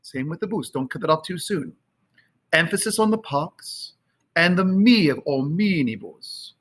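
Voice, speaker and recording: Man, choir teacher, slightly high voice, casual, sings drawn-out demo phrases. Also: lively intonation, a bit bright. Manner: sings and chants phrases slowly to demonstrate; conversational with fillers. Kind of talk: choral rehearsal instruction. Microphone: camera, sometimes moving off it.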